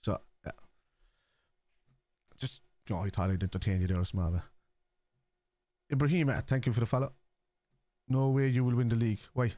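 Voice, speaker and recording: A man's voice: medium pitch, moderate pace, pauses often, warm tone, no room sound. A man with a Scouse accent, hosting a football watchalong live stream, reading viewers' chat aloud and answering it in a casual, chatty way.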